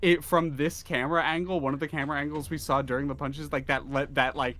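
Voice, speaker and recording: A man's voice: a little high, steady tone, fast talker, fairly bright tone. A man narrating as game master in a tabletop game, with a rambling delivery full of fillers.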